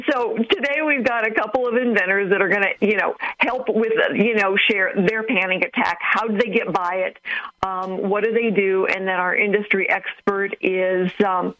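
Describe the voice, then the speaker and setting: A woman co-hosting a radio talk show over the phone, chatty and animated, acting out what other people say. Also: mid-range voice, a little fast. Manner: animated, chatty, acts out quotes. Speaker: radio co-host. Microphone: phone line. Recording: phone line.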